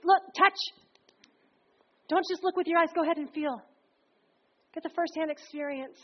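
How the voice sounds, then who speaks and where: A woman preacher delivering a sermon in a conversational, energetic way, often slipping into acted quotes. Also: very high voice, moderate pace. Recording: dull lo-fi recording.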